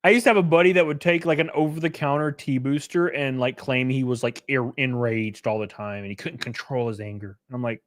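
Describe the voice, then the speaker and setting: A young man casually chatting on a livestream while reading chat. He is loose and profane, uses lots of fillers and suddenly jumps way up in pitch for jokes. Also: a little fast. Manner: animated, pitch jumps up sharply on bits.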